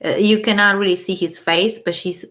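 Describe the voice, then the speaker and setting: A woman's voice: medium pitch, steady tone, moderate pace, a bit bright. A woman with children chatting casually on a livestream, giving blunt opinions and swearing freely. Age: adult with children. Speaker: livestream host.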